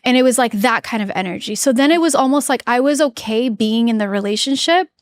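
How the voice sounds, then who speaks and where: A woman's voice: fairly high pitch, fast, dry recording. A woman guest on an interview podcast telling a personal story in earnest, chatty speech full of "like" and restarts. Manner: earnest, emotional recounting.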